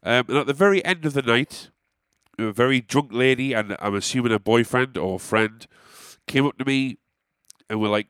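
A man's voice: medium pitch, lively intonation, brisk, fairly bright tone, clear, resonant tone, no room sound. Young man, musician, rambling self-mocking monologue, sweary, dry close sound. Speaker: musician telling a story. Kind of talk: casual storytelling monologue.

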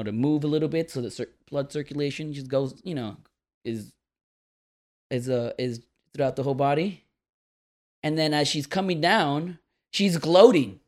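A man telling a long, rambling story to friends on a podcast, animated and laughing as he goes. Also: medium pitch. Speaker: podcast co-host. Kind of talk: casual storytelling among friends.

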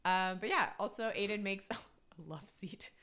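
A woman in her thirties co-hosts a podcast, chatting casually with plenty of fillers and frequent laughter. Her mid-range voice is pushed and bright at a normal speed, with a little hiss or hum in the recording.

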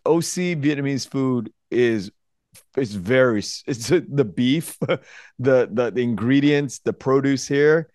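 A middle-aged man hosts a podcast in a loose, unhurried way, often stopping and starting his sentences. His voice is recorded close and dry, with no room sound. His pitch sits in an ordinary middle range. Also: no echo. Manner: relaxed, hesitant, many restarts. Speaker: podcast host. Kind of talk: casual interview conversation.

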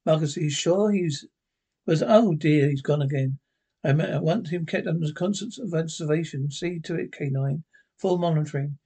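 A man's voice: fairly high pitch, moderate pace, mellow, slightly rough. A man reading the part of a fussy middle-aged male scientist, with a hesitant delivery that restarts lines.

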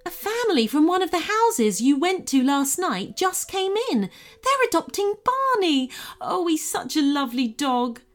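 A woman's voice: high voice, big pitch swings, measured pace, pitched above the performer's own voice. A woman voicing a cheerful adult woman who runs an animal shelter, chatty and enthusiastic. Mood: excited.

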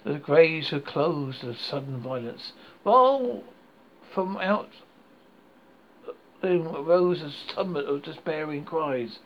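Gravelly male horror story reader. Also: fairly high pitch, lively intonation, slight background noise. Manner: halting, stumbles and repeats words. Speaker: horror podcast host and reader. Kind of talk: dramatic reading of a horror story. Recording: dull lo-fi recording.

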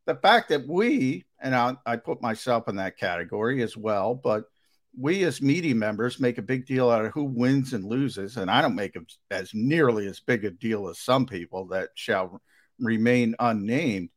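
Animated man talking sports analysis. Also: medium pitch, moderate pace. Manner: hesitant restarts, emphatic and animated. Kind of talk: sports talk debate.

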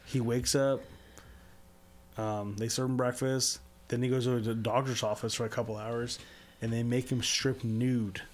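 A man's voice: mid-range voice, flat delivery, unhurried. Podcast co-host, male, rambling and crude, loose storytelling chat. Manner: rambling, crude, filler-heavy.

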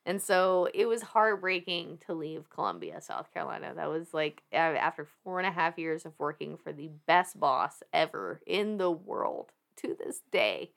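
Woman, thirties, Southern US accent, casual podcast guest, lively pitch swings, laughs and swears a lot. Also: moderate pace, gravelly. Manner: animated, laughs often, rambling with restarts and swearing. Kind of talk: casual storytelling chat.

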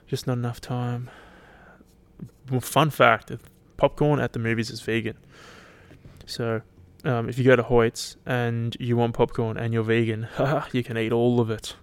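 A man's voice: mid-range voice, flat delivery, unhurried, clear, resonant tone. An Australian man hosting his own podcast, chatting casually and rambling with lots of swearing. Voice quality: laid-back, rambling, swears freely. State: tired, yawning. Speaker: podcast host. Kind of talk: casual solo podcast chat.

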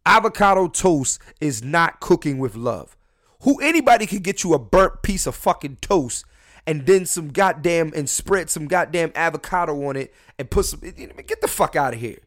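A man's voice: fairly high pitch, a bit bright. Crude rambling young man podcasting solo. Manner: crude, rambling, jokey, swears a lot, many restarts. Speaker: podcast host.

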